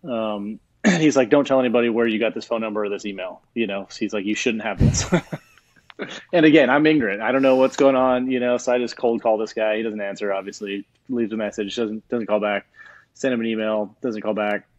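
A man with a fairly low voice tells a story in a casual interview and acts out the other people in it. The sound is dry and a little dull, like a lo-fi remote line. He is a chef from Hawaii. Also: brisk, no echo. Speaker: chef and guest.

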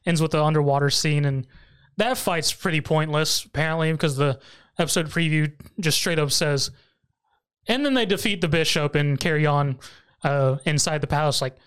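A man's voice: a little high, normal speed, smooth. Laughing man recapping anime casually. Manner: animated, laughing, acts out character lines. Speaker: podcast host.

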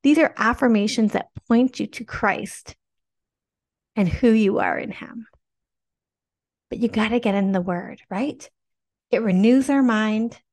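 Young woman, bright-ish higher voice, earnest faith teacher urging viewers, repetitive emphatic phrasing. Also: a little slow, long pauses. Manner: earnest and exhortational, direct to viewers. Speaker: Christian teacher and product seller. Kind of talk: devotional teaching talk.

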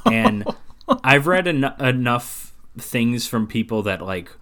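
A man co-hosting a podcast, casually recapping a movie plot in a rambling, filler-heavy way with quick laughs. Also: medium pitch, sing-song, a bit bright. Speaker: podcast co-host.

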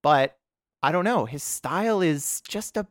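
A man guesting on a podcast, chatting casually, animated and laughing often. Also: fairly high pitch, a little slow, dry recording, clean studio sound. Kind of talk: casual comedic chat.

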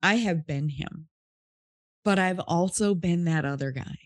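A woman's voice: lowish voice, unhurried, no echo, studio quality. A woman podcast host telling a story in an earnest, heartfelt, casual way.

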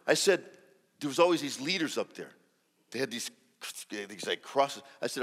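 A man giving a sermon as a guest preacher, telling a story and acting out the dialogue with lively energy and many restarts. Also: medium pitch, moderate pace, long reverb tail. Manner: animated, acts out dialogue, restarts often. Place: large church hall.

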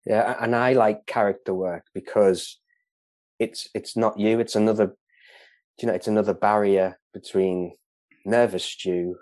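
English guy chatting, low voice, dry close sound, lots of ums and restarts. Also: steady tone, measured pace, a little mellow, no echo. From England. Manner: hesitant, many restarts and fillers, laughs often. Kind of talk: casual chat.

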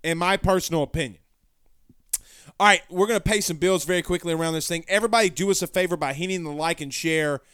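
Reading fan comments on his casual sports stream, a host drifts into folksy, rambling tangents and keeps correcting himself. He talks fast with few pauses, his voice a bit high, smooth, resonant and somewhat bright. The sound is close and dry, with no echo at all.

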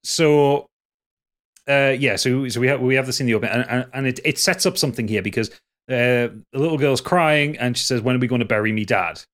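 A man's voice: medium pitch, normal speed, fairly bright tone. A man co-hosting a casual podcast, rambling through a TV episode recap with frequent restarts and laughs. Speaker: podcast co-host.

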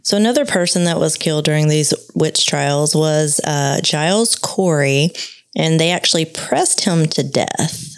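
A woman's voice: low voice, a little slow. Easygoing woman with a Southern accent. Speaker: podcast co-host. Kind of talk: casual chat.

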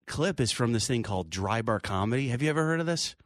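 A man's voice: mid-range voice, quick pace, no room sound, studio quality. A man who is a comedian, telling stories in casual chat and acting out the people he quotes. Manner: animated, acts out quoted voices. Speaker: comedian guest.

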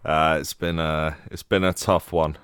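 A Cockney man co-hosts a podcast in easygoing chat. His voice is extremely deep, and the sound is close and dry, with no room around it. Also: flat delivery, unhurried, fairly bright tone, smooth, no echo. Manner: laid-back and blokey. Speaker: podcast co-host.

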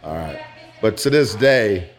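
Lowish-voiced man, frank and halting. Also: animated, soft background music. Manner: frank and reflective, halting restarts. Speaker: interviewee, former dancer turned business owner. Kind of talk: candid personal storytelling. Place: pizza restaurant.

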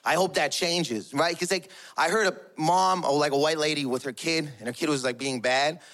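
A man's voice: on the high side, normal speed, a bit bright. A man performing a stand-up comedy set, telling stories in a rambling, profane way.

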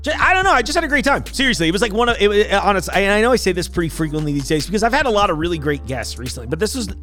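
A man's voice: sits high, very animated, racing, bright, forceful tone, faint music behind. A man hosting a podcast, talking casually in a rambling, apologetic way with laughs between thoughts. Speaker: podcast host. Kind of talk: casual solo intro to camera.

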